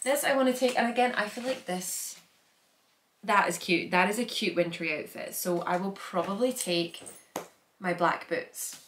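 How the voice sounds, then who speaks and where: A woman's voice: mid-range voice, moderate pace, a bit bright, reverberant, a little hiss or hum. A young Scottish woman chatting casually through a packing vlog, rambling with lots of filler words. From Scotland. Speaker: vlogger.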